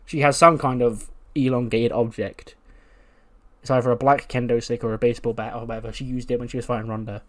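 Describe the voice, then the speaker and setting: A man's voice: mid-range voice, little pitch movement, brisk. A man casually narrating a wrestling management game playthrough, chatty and laughing at his own jokes. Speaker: game commentator.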